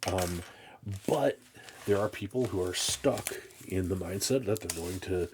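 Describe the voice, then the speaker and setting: A man whose voice sits low talks casually through a comic unboxing, with background noise behind him. The vlogger's speech is halting and rambling with many restarts, and he sounds exasperated yet self-mocking.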